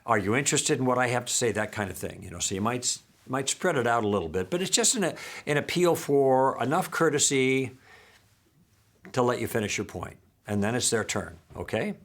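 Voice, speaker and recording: A man's voice: mid-range voice, very animated, moderate pace. A man teaching a lesson in a friendly, patient way, sometimes acting out sample lines.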